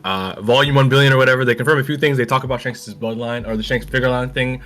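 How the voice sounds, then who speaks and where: A man co-hosting a podcast, talking in an excitable, slangy casual way. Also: mid-range voice, fast talker. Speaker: podcast co-host.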